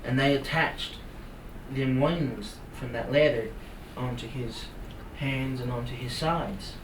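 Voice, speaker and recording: A man storytelling a folk tale live, lively and animated as he acts out the action. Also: mid-range voice, slow. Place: indoor talk venue. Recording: roomy room from far off, noisy.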